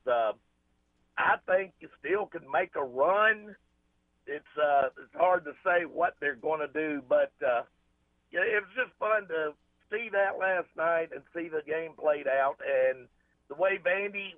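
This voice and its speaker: A man with a fairly high voice calls in to a radio show for a casual chat, rambling in a folksy manner and frequently restarting his sentences. It's recorded dry over a phone, so the line sounds tinny.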